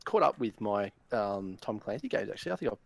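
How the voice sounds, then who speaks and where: A man's voice: lowish voice, very animated, quick pace, vocal fry, dry recording. A man co-hosting a podcast, laid-back and grumbling, with plenty of ums. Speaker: podcast co-host. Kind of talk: casual podcast chat.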